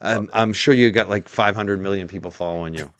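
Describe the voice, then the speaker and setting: A man's voice: on the low side, brisk, a bit bright, no room sound. A man co-hosting a casual streaming chat, sardonic and laughing, explaining a topic in detail. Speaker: co-host. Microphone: streaming mic.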